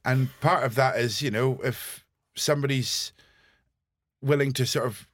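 A man's voice: mid-range voice, steady tone, a little slow, fairly bright tone, dry recording, studio quality. A man in casual chat as a guest, speaking hesitantly with many ums.

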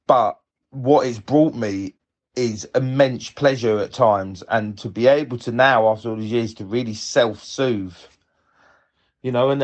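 A man, telling a personal story in a reflective, tender, unhurried way. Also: medium pitch.

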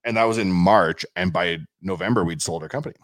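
A man's voice: deep voice, a little fast, dry recording, studio quality. A man hosting a podcast, telling stories in casual chat and acting out quotes. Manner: animated storytelling with acted quotes. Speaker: podcast host. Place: studio.

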